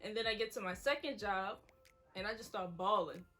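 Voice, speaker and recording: A woman's voice: medium pitch, a little fast, fairly bright tone, faint music behind. A woman in her twenties, a vlogger, candidly telling her story to viewers in a chatty way. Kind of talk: emotional story time to viewers.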